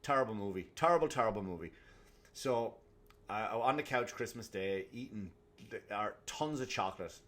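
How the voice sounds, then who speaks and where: A man hosting a comedy podcast, ranting alone in a profane, animated way. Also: on the low side, moderate pace. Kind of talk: solo comedic rant.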